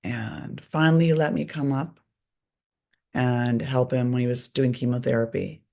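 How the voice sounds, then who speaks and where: Speaking at a moderate pace in a creaky, mellow bass, a middle-aged woman recounts her own story. She's a guest author and recovery advocate, candid, blunt, and frequently profane.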